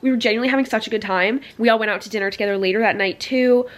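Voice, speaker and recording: A young woman in her twenties telling a travel story in a casual vlog, rambling and animated, with lots of "like.". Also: a little high, racing. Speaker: vlogger.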